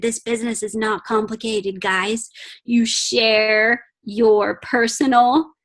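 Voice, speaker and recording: A woman giving a chatty, emphatic pep talk to her team on a video call from home, acting out little dialogues. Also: on the high side.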